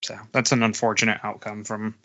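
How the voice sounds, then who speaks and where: A man co-hosting a sports podcast, recounting games in casual animated chat. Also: on the low side, brisk, highs cut off. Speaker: podcast co-host.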